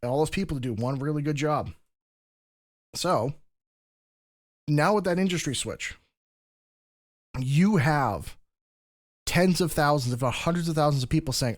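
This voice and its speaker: A man's voice: on the high side, measured pace, pauses often, dry recording, studio quality. Man explaining history on a podcast. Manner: explanatory, lecturing with frequent restarts. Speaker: podcast host. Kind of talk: casual podcast discussion.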